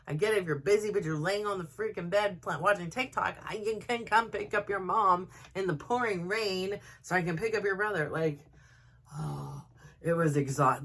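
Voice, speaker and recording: A middle-aged woman with a mid-range voice hosts a podcast, recounting a personal story in a casual monologue. She's chatty and animated, and her speech is full of fillers.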